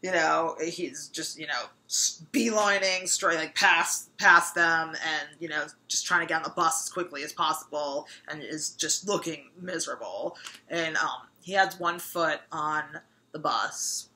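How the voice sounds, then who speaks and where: A woman's voice: low-pitched, a little slow, sharp tone, low-quality recording. A woman in her thirties telling a personal anecdote casually, rambling and full of fillers. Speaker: storyteller.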